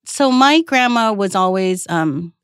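A woman from Vietnam, guest chef on a talk show, spins lively anecdotes and slips into other people's voices. Her pitch sits mid-range for a woman. The sound is close and dry, with no room around it. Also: a little slow, smooth, no room sound. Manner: lively anecdotal, acts out quotes, casual swearing. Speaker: chef and restaurant owner, guest. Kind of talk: casual storytelling interview.

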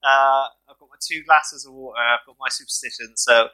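A man co-hosting a casual podcast chat, telling stories animatedly in quick bursts. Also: medium pitch, steady tone, a crowd in the background, low-quality recording. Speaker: co-host, mental health support worker.

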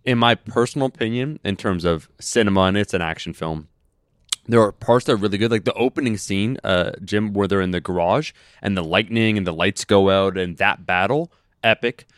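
Rambling low-voiced man, dry and close. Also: a little fast, dry recording. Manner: rambling, hesitant, lots of fillers and restarts. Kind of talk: casual chat.

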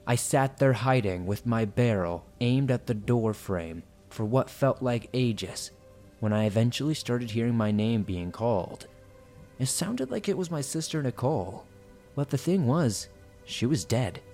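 A man's voice: medium pitch, expressive, normal speed, warm tone, soft background music. A man reading listener horror stories aloud in a suspenseful storytelling manner.

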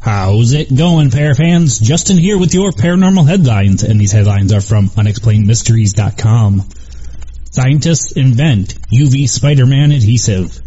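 Husky man reading headlines. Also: mid-range voice, animated, normal speed, mellow. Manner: reads steadily, small stumbles. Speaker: radio co-host reading news headlines. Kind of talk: read-out news segment. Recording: dull lo-fi sound.

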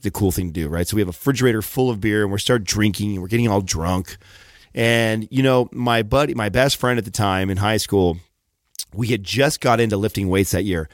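Guy with a lowish voice rambling through a story, relaxed, dry mic. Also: no echo. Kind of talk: casual chat.

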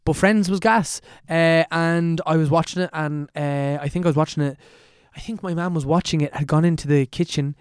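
A young Irish man in his twenties chatting as a podcast guest, quick and self-deprecating with lots of fillers. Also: on the high side, fairly even intonation, smooth, dry recording, studio quality. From Ireland. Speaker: podcast guest answering questions. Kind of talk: casual podcast chat.

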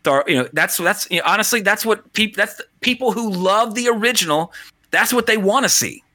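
A man's voice: high-pitched, expressive, brisk, sharp tone, no echo. A man co-hosting a podcast, chatting casually about movies in a rambling way, full of restarts and fillers. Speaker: podcast co-host.

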